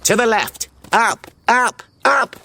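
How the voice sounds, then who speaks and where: A man's voice: on the low side, wildly swooping pitch, slow pace, fairly bright tone, heavily acted. Brainy, a brainy questioning Smurf done by a man. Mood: excited. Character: bookish inquisitive male Smurf.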